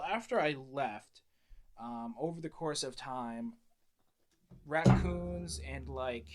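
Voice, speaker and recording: A young man chatting casually on a podcast, telling crude stories in a rambling, laid-back way. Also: medium pitch. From United States. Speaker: podcast guest. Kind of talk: casual chat.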